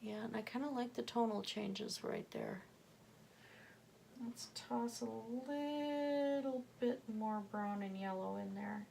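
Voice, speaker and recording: Woman w/ a bit of a southern accent talking thru a paint tutorial, kinda gravelly, faint hiss behind. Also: on the high side, slow pace, dark tone. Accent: slight Southern US. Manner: chatty, thinks aloud while working, drops to murmurs. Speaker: painting instructor.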